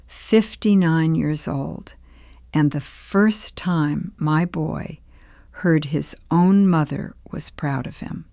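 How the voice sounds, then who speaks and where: An older woman narrates her own memories in an unhurried, reflective way, her voice sitting low and sometimes sinking to a near whisper. The sound is dry and close, with no room around it. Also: gravelly, a little mellow, dry recording. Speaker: storyteller. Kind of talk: scripted first-person narration.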